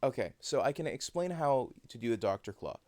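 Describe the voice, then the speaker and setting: A man's voice: mid-range voice, sing-song, a little fast, over music. A man streaming a video game, chatting casually and explaining things with lots of fillers. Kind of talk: casual gameplay chat.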